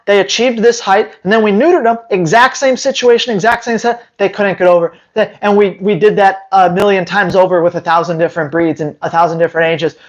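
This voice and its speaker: Speaking straight to his viewers, a high-voiced dog trainer goes on a sarcastic opinion rant, rambling and hitting his points hard. The audio quality is rough.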